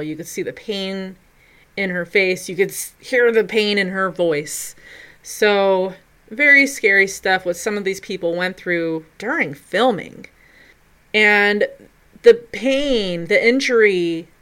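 A woman hosting a video, narrating film trivia in a chatty, expressive way with loud bursts for emphasis. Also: medium pitch, clean tone. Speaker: video host.

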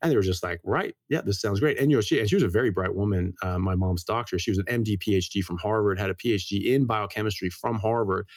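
Brief: American male doctor as guest, brisk and earnest, quick delivery, dry close sound. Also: on the low side, dry recording. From United States. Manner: brisk, earnest, tells anecdotes. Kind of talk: casual interview explanation.

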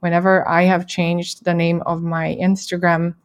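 A woman hosting an interview, speaking in a measured, reflective way and asking thoughtful questions. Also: fairly low pitch, flat delivery. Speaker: podcast host.

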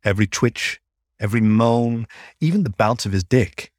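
A man narrating a story in a measured, unhurried way. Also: medium pitch, dry recording, clean studio sound. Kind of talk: audiobook-style story narration.

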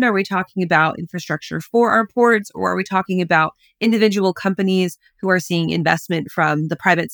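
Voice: medium pitch, creaky, fairly bright tone, dry recording, clean studio sound. A podcast host asking long, winding interview questions.

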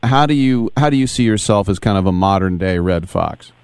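Low smooth-voiced male host. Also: lively intonation, a little fast, a little mellow, dry recording. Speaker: podcast host. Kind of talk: casual interview talk.

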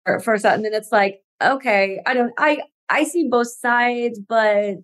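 A woman guest on a podcast chatting casually, halting with many fillers and restarts and laughing easily. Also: fairly high pitch, fairly bright tone. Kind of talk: casual chat.

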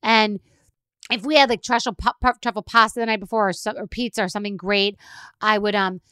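A middle-aged woman telling a casual story in a chatty, animated way, loudly acting out the lines she quotes. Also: mid-range voice, a little fast, smooth, no room sound, studio quality.

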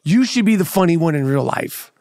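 A man's voice: a little high, animated, brisk, darkish tone, no room sound, clean studio sound. A brash man hosting a podcast, teasing his guest with profane casual chat. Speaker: podcast host.

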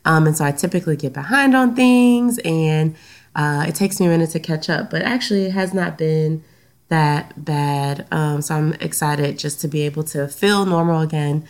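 A woman with a Southern US accent talks through her solo podcast in a relaxed, chatty way, her voice sitting a little low. She sounds slightly stuffy from a recent sinus infection and fills pauses with frequent "um"s. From Louisiana, US. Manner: chatty, many "um" fillers. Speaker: podcast host and counselor. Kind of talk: casual solo podcast talk.

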